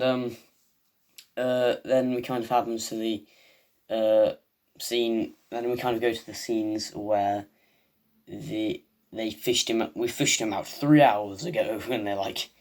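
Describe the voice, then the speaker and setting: A man's voice: fairly low pitch, fairly even intonation, a little slow. Rambling man recapping a show. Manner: rambling, full of fillers. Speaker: video host. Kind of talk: casual episode recap.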